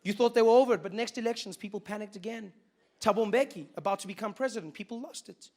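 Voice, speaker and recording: A South African man in his thirties doing stand-up, telling a story with an animated, repetitive rhythm. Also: high voice, quick pace. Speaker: stand-up comedian.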